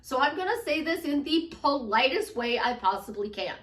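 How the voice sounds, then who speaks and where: A woman's voice: high voice, expressive, moderate pace, a bit bright, reverberant, recorded from a distance. A woman life coach talking emphatically and acting out her clients' doubts in quoted voices. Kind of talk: casual motivational talk.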